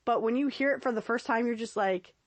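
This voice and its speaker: A woman's voice: a little high, quick pace, no room sound. A woman hosting a podcast solo, talking casually and chattily with frequent laughs and fillers. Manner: chatty and giggly, with lots of fillers and repeats. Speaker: podcast host.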